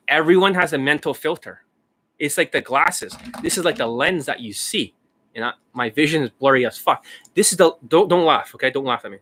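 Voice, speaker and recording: A man's voice: a little high, sharp tone. Profane mocking male dating coach. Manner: profane, mocking, acts out students in raised voices. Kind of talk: casual monologue.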